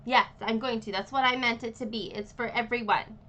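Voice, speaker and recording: A woman's voice: fairly high pitch, steady tone, a little fast, pushed and bright. Woman running a tabletop game. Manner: rambling, friendly explanations with many fillers. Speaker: game master. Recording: light background noise.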